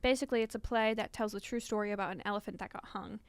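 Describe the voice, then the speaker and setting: A woman's voice: mid-range voice, fairly even intonation, very fast, clean tone, no echo. A young woman, a theater student from the West Coast, chatting in a bubbly, casual way on a podcast. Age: young adult. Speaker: guest, acting student.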